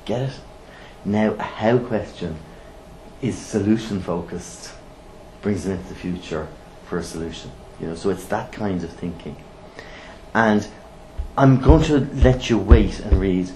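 A middle-aged man teaching a training course, blunt and lively, firing rhetorical questions at the room. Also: deep voice, measured pace. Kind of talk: classroom teaching. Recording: roomy echo, faint background noise.

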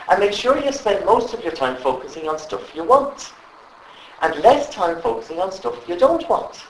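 Animated man leading a workshop. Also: high-pitched, moderate pace, distant mic, slight background noise. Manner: animated, asks the audience constant questions. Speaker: trainer. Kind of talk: live workshop talk to a group. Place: training room with live audience. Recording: echoey room with faint ambience.

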